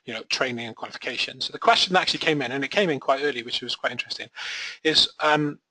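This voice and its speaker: A man's voice: mid-range voice, quick pace, pushed and bright, poor audio. A man hosting a live webinar, reading out viewer questions in a chatty, hesitant way.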